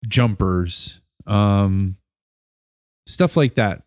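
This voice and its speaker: Slow, rambling male podcast host. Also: on the low side, a little mellow. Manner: rambling, with many fillers and restarts. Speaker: educator. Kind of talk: casual storytelling chat.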